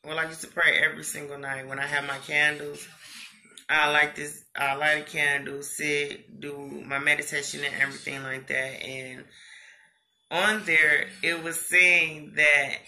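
A man chatting excitedly to his viewers in a casual vlog, gushing, slangy and quick to laugh. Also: on the high side. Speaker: vlogger.

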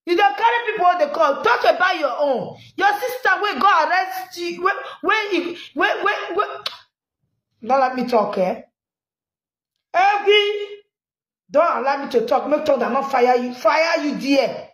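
A high-pitched woman speaks with a Nigerian Pidgin accent, her voice bouncing around an echoey room. She delivers lively, scolding online commentary, laughs often, and keeps chanting at viewers to like and share. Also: moderate pace. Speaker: commentary vlogger. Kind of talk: live social media commentary.

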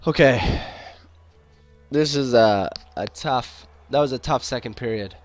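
A young man giving profane let's-play commentary, excitable, yelling and swearing at the game, a bit congested and coughing. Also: mid-range voice, a little slow, faint music behind. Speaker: gaming YouTuber.

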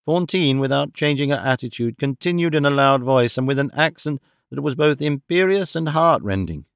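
A man narrating a classic novel as an audiobook in a measured, expressive reading. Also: mid-range voice, gravelly, smooth, no echo, clean studio sound. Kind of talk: scripted narration.

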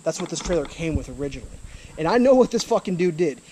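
Angry high-voiced man ranting outdoors. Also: animated, fast talker, dark tone, a little hiss or hum. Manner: swearing, frustrated, repeats himself. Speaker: vlogger. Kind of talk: angry rant to camera. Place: outdoors by a trailer.

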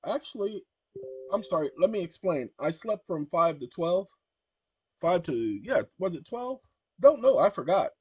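A man hosting his own channel, talking to viewers in an animated, exclaiming, colloquial way. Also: a little high, slightly rough, dry recording. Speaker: channel host. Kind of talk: casual commentary to viewers.

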